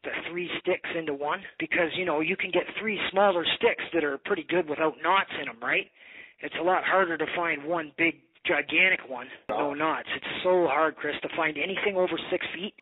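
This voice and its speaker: Husky man, a little high, rambling over the phone. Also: normal speed, no echo. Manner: rambling storyteller, swears. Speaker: bow maker. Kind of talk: casual phone conversation. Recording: tinny phone line.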